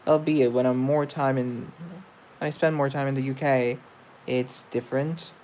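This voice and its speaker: A man's voice: medium pitch, fairly even intonation, darkish tone, slight background noise. A young man with a mixed English accent chatting casually to viewers in a rambling way, often correcting himself mid-sentence. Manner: rambling, self-correcting, quick asides. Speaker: host.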